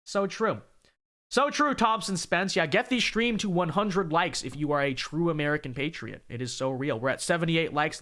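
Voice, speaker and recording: A man in his twenties chatting casually and sarcastically on a livestream while reading donations aloud. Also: on the high side. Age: 20s. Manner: animated, sarcastic, rambling, keeps saying okay.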